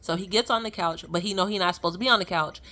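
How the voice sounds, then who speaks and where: A young adult woman telling a personal story in a casual, animated way, full of fillers and laughing as she goes. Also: lowish voice, rapid-fire. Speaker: vlogger sharing a testimony.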